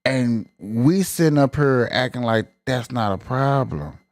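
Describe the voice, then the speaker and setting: A man holds forth on his live stream in a casual, slangy rant, stressing his points hard. His voice sits at an ordinary pitch, and the recording is dry and close with no room sound. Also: a little slow, no echo. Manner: emphatic, colloquial, ranting.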